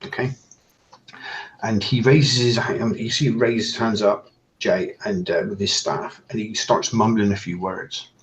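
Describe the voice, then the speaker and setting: A man's voice: fairly low pitch, fairly even intonation, a little slow, low-quality recording. A man running a tabletop game as game master, narrating hesitantly with many fillers and restarts.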